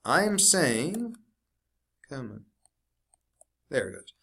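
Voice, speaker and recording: A man teaching science, walking through a worksheet step by step and slowing down to stress key words. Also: fairly high pitch, very animated, vocal fry, sharp tone, husky. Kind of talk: recorded classroom lesson walkthrough.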